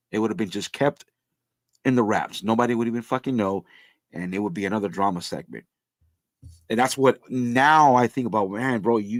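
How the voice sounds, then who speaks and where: A man's voice: mid-range voice, no room sound. A man talking bluntly on a podcast, hammering points home and repeating himself, with bro dropped in often. His voice sits in a middle range. The sound is close and dry. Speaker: co-host. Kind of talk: casual podcast chat.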